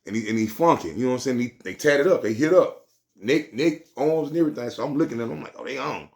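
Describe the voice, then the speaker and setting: A man's voice: medium pitch, fast talker, a little mellow. A man telling a street story in casual slang, rambling and repeating himself.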